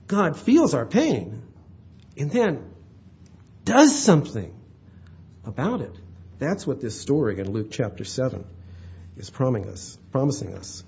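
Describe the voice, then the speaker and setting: A male preacher talks through his sermon in a loose, conversational way, checking in with his listeners as he goes. His voice is husky and swings widely in pitch, captured on a dull, lo-fi recording. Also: a little mellow. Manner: conversational, checks in with "all right?". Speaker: pastor.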